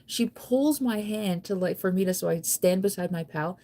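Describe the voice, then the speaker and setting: A young woman talking casually to her camera, rambling through a story with constant "like" fillers and restarts. Her voice sits a little low for a woman. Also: normal speed, dark tone. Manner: chatty, rambling, heavy use of "like". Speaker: vlogger.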